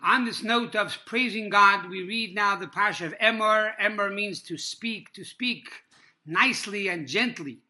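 A man teaching a Torah class in a sermon style, telling stories at a measured pace with pauses, fillers and Hebrew religious terms. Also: sits high, bright, forceful tone.

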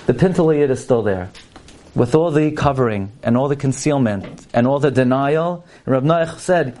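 A man's voice: medium pitch, moderate pace, darkish tone. A man giving a sermon-style talk with stories at a fundraising parlor meeting. He speaks emphatically and works Hebrew and Yiddish terms into his storytelling.

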